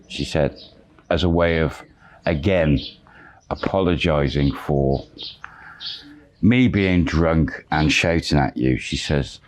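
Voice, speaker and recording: A man with a very deep, low voice relating a long personal tale in a loose, conversational way. He rambles along, stacking "he says" and "she says" as he goes. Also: slow, slight background noise. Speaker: channel storyteller. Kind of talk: casual spoken storytelling.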